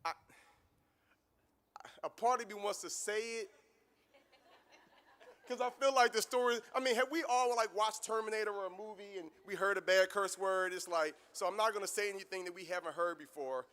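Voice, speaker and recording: A man's voice: high-pitched, steady tone, moderate pace, long pauses, fairly bright tone. A man giving a motivational speech as guest speaker at a graduation ceremony, telling stories and building to a preaching cadence.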